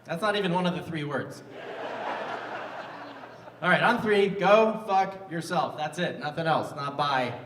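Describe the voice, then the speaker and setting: A man's voice: on the high side, expressive, moderate pace, pauses often, background noise. A man in his fifties doing a live stand-up set on a stage mic, self-mocking and bantering with the crowd. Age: 50s. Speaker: stand-up comedian. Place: large live music venue on stage. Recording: roomy venue sound from a distance.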